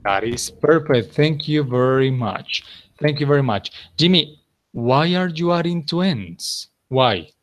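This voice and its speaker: A man with a Colombian accent teaching an English class, patient and encouraging, correcting students slowly. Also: a little high, animated.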